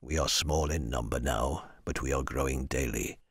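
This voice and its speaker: A man playing a devoted lizard-man soldier from a fantasy audiobook, deep and rumbling with a breathy edge. He speaks formally and dutifully, with plain respect for the one he serves. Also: normal speed, no room sound, clean studio sound. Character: loyal rumbling male lizard-man warrior.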